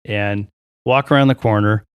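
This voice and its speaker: A man, a pilot and podcast guest, telling a long story in a casual, animated way, acting out the voices of others and often restarting his sentences. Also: on the low side, moderate pace, clean tone, no echo, clean studio sound. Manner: animated, acts out quoted voices, frequent restarts.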